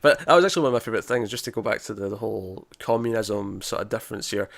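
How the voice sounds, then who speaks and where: A man's voice: lowish voice, rapid-fire, creaky, fairly bright tone, dry recording, studio quality. A man co-hosting a casual TV review chat, rambling with restarts and quoted lines. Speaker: podcast co-host reviewing a TV episode.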